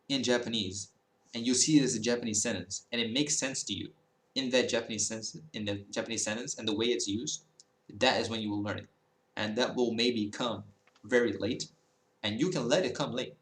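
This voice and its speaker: A man's voice: mid-range voice, echoey room. A young man giving blunt, rambling advice on learning a language in a casual vlog, full of fillers and restarts, swearing and laughing at times.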